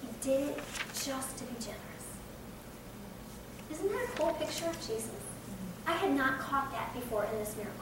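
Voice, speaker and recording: Speaking at normal speed with many pauses, an American woman in her forties delivers an earnest, conversational Bible teaching, sometimes laughing at herself. Her voice is high and expressive. The room is echoey, the mic distant, and there's faint noise behind her.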